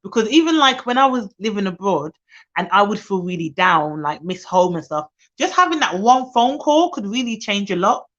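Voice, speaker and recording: A woman's voice: mid-range voice, normal speed. Chatty young woman, lo-fi stream. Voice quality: chatty, animated, laughs often. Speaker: nanny and childcare provider. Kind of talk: casual live-stream chat. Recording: dull lo-fi live stream audio.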